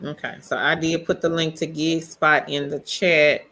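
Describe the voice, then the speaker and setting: A woman's voice: sits low, level tone, normal speed, fairly bright tone, slight background noise. A woman co-hosting a casual livestream, chatty as she greets viewers and reads their comments aloud. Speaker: livestream co-host. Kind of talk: casual live chat.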